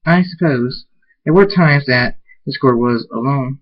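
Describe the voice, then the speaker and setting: A curious, thoughtful female unicorn scholar from a fan storybook, read by a man barely shifting his voice. She speaks in a measured, careful way. The sound is dull and lo-fi. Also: mid-range voice, close to an everyday voice.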